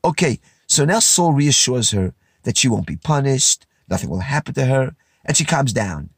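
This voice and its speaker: A man teaching a verse-by-verse Bible lesson, reading lines and retelling them in casual, lively words. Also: medium pitch, normal speed, gravelly, husky, no room sound, studio quality. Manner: animated, paraphrases verses in casual speech.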